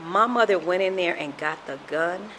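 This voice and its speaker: A woman in her fifties from Compton giving an emotional, halting recovery testimony, often repeating herself. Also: fairly low pitch, noisy background. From Compton, California. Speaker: speaker sharing at a recovery fellowship.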